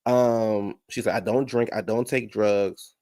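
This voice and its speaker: Host for a reality TV recap: a low, gravelly man, dry close sound, gossipy and sassy, calls the cast out as he goes. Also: steady tone, unhurried, warm tone, dry recording. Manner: sassy, gossipy, talks back at the show. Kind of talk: casual recap commentary.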